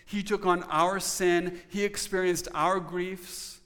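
A man's voice: sits high, steady tone, takes it slowly, fairly bright tone, in a large hall. A man preaching a sermon in an earnest, conversational way, now and then putting questions to his congregation. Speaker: pastor.

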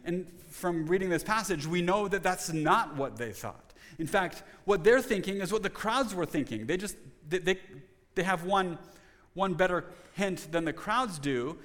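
A man's voice: high-pitched, animated, moderate pace, fairly bright tone, long reverb tail. A man preaching a sermon as pastor, earnest and conversational, often restarting his phrases.

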